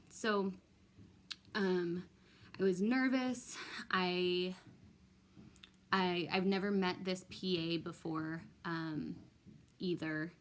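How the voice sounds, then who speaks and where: A young woman talks slowly through a personal story for her vlog, her voice sitting a little low. She hesitates often and restarts her sentences, and she sounds emotional and close to tears. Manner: hesitant, many ums and restarts. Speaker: vlogger.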